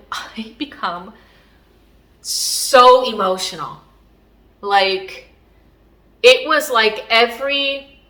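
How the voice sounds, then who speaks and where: Woman vlogging, bright voice, chatty and rambly with lots of fillers. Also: on the high side. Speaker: spiritual vlogger. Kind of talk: casual storytelling.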